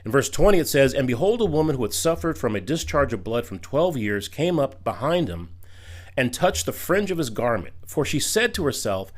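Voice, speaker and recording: A man's voice: medium pitch, very animated, moderate pace. A man reading Bible verses aloud and commenting on them in a video critique, emphatic, with casual asides.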